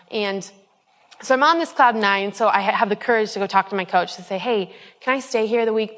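A woman's voice: mid-range voice, fairly bright tone. Earnest young woman in a reverberant hall. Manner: earnest, rambling, many ums and restarts. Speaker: speaker giving a personal testimony. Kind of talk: conversational faith testimony.

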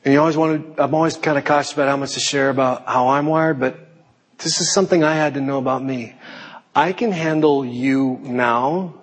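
Husky male preacher in a reverberant hall. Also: a little fast. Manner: animated, jokey, puts on high panicky voices. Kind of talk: sermon with acted asides.

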